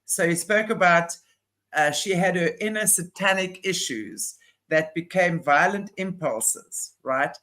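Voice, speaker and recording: A man's voice: high-pitched, unhurried, pushed and bright. A man co-hosting a casual chat, giving opinionated, explanatory commentary. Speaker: podcast co-host. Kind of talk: casual chat about a news case.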